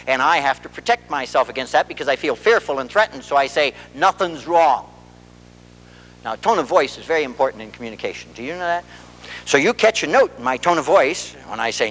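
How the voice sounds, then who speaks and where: A man with a fairly high voice gives a public talk, his pitch swinging widely as he acts out little scenes. His words ring with long reverb through a big hall. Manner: animated storyteller who acts out dialogue. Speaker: marriage and family therapist giving a talk. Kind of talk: public lecture.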